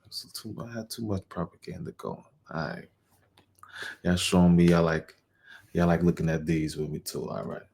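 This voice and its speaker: A man's voice: sits low, normal speed, gravelly, a little mellow, slight background noise. A male host giving casual, laid-back reaction commentary in slang. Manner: laid-back slang talk, laughing along. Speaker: show host reacting to clips.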